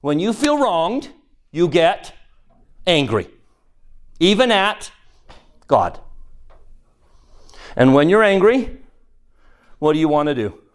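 A man's voice: on the high side, sing-song, slow pace, pauses often. A man teaching a scripture class, reading verses aloud and quizzing his listeners.

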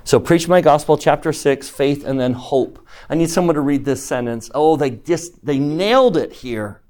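A man's voice: a little high, moderate pace. Emphatic man leading a classroom lesson. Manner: animated, emphatic, calls on students by name. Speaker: religion teacher.

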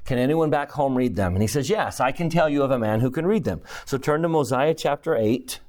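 A man leads a scripture class in an emphatic teaching manner. He reads verses aloud and drives points home by repeating key phrases. His voice sits at an ordinary middle pitch. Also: expressive, fairly quick, darkish tone. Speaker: religion teacher.

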